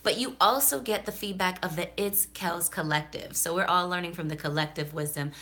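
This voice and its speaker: A woman's voice: fairly low pitch, fairly quick, a bit bright. A woman hosting a casual vlog, giving candid, chatty, off-the-cuff talk about dating. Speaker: host.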